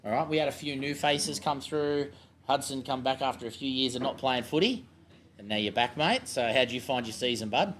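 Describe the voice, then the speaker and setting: A man's voice: medium pitch, brisk, a bit bright, a little hiss or hum. An Australian man hosting a casual club show and coaching a junior footy team, laid-back and matey as he jokes with kids.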